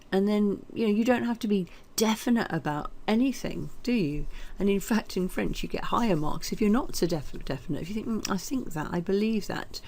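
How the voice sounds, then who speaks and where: A woman with a somewhat low voice runs a French lesson. She talks in a chatty, explanatory way, full of fillers and small hesitations. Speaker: French teacher. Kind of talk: recorded language lesson.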